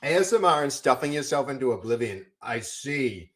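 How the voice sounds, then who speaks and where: A man's voice: mid-range voice, very animated, moderate pace, a bit bright. Rambling male streamer talking to chat. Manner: rambling, talks to chat, lots of restarts. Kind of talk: casual live-stream chat while coding.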